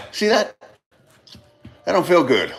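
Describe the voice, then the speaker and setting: Slow-talking high-voiced man musing. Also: wildly swooping pitch, vocal fry, fairly bright tone. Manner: rambling, repeats and restarts phrases, swears, addresses listeners as brother. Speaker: speaker giving a monologue on love. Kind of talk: casual motivational talk.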